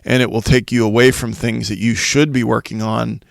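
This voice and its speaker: Gravelly man explaining in numbered points. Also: mid-range voice, little pitch movement, moderate pace, dry recording, studio quality. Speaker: podcast host for school leaders. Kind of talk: solo podcast talk.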